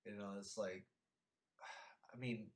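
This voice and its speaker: A young man from Philadelphia, a guest in a casual interview, talking haltingly with many fillers and restarts. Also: fairly low pitch, fairly even intonation, roomy sound.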